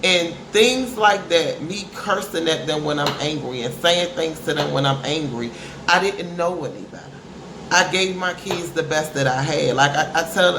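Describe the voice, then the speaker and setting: A middle-aged woman talking candidly to camera about parenting, emphatic and preachy, calling her listeners honey. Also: sits low. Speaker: parent giving advice. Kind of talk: candid motivational talk to camera. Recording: echoey room with faint noise.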